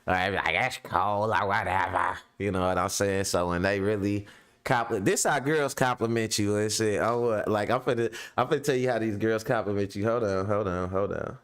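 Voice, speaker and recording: A man's voice: fairly low pitch, fairly even intonation, a little fast, smooth. A middle-aged man hosting a show, chatting casually to his audience in a laid-back, slangy way, laughing often and repeating "you know what I'm saying". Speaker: show host. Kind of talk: casual monologue to a live audience.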